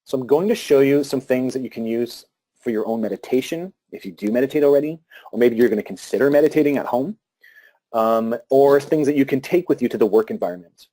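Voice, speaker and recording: Mellow-voiced man giving a meditation talk. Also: medium pitch, fast. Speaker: meditation speaker.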